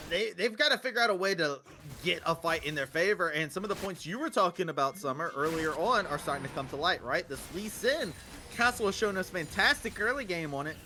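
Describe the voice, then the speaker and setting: A man casting a live esports match with play-by-play commentary that rises loudly on big plays. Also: fairly high pitch, background noise. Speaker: esports caster.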